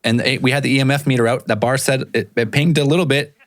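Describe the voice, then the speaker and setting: A man's voice: medium pitch, steady tone, fast talker, no echo, studio quality. A man co-hosting a podcast, adding details to a shared trip story in a laid-back, casual chat with swearing. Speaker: podcast co-host.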